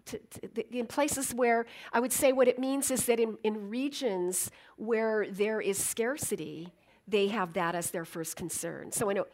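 A middle-aged woman with a somewhat high voice gives a reflective talk to an audience. She talks in a chatty, personal way, full of fillers and easy laughter. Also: measured pace, darkish tone. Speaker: speaker.

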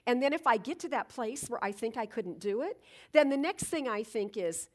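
A woman's voice: on the high side, moderate pace. A woman giving a reflective spiritual talk, telling everyday stories and acting out moments as she goes. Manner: animated storytelling, acts out moments. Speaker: spiritual speaker.

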